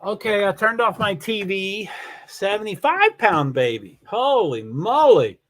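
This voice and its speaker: A man hosting a live stream, chatting in a rambling, halting way and correcting himself as he goes. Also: high-pitched, very animated, sharp tone. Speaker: livestream host. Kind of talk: casual commentary on a live stream.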